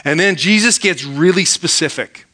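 Bright-voiced male preacher with rhetorical questions. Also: on the high side, normal speed. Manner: reads scripture aloud, then explains with rhetorical questions. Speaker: pastor. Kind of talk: sermon.

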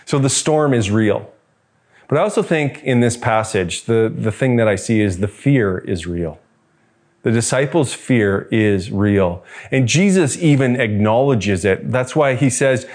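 A male pastor delivering a sermon in a relaxed, conversational way. He reflects aloud and turns to the congregation with rhetorical questions, his voice at an ordinary middle pitch. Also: unhurried.

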